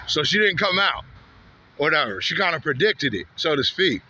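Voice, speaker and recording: A Santa Ana, California vlogger tells a story while walking a street outdoors, his fairly high, sing-song voice moving at normal speed with a pushed, bright edge over slight background noise. He rambles, repeats himself, and gets heated, often closing lines with "man" or "bro."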